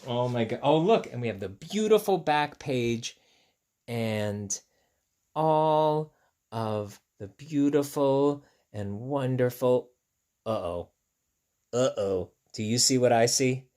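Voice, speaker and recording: A male teacher reading a picture book aloud to children, gentle and chatty, repeating himself as he talks straight to the kids. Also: mid-range voice, animated, takes it slowly. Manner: gentle, chatty and repetitive, talking directly to young kids.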